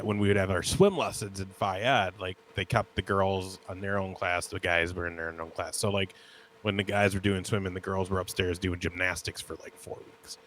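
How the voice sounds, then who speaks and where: Low-voiced man telling rambling stories. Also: a bit bright, a little hiss or hum. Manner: rambling storyteller with many "like" fillers. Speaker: podcast co-host. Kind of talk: casual chat.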